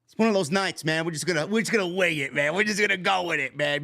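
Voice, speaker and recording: A man with a New York accent, host of a wrestling review show, ranting in a loud, profane, mock-annoyed way and shouting at times. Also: high-pitched, fast talker, gravelly. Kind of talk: profane comedic rant.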